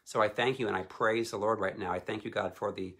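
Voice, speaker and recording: A man's voice: fairly low pitch, steady tone, fast, vocal fry, fairly bright tone, husky. A man leading earnest prayer and teaching on a live stream, returning often to thanks and blessing. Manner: earnest, repetitive praying, frequent "you know". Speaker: deliverance minister.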